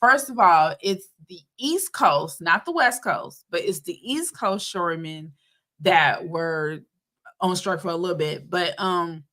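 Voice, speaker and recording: A woman co-hosting a casual faith and news chat, relaxed and talking straight to her listeners. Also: fairly low pitch, unhurried. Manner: relaxed, talks straight to listeners, often says y'all. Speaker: co-host of a weekly faith and news show.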